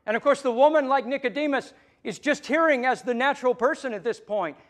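Male pastor, sermon delivery; emphatic, shifting between loud stresses and quiet asides. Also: very high voice, a little fast.

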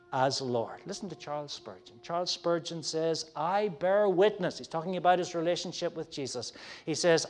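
A man's voice: high-pitched, clean tone. Emphatic preacher man. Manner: emphatic, many fillers and restarts; swings from soft to loud for emphasis. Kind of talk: sermon.

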